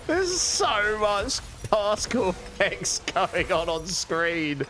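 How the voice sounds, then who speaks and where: A man live-streams a game, chatting casually with viewers and his cat and laughing often, in a high-sitting, sharp voice with big pitch swings and drawn-out words. The recording has a little hiss or hum.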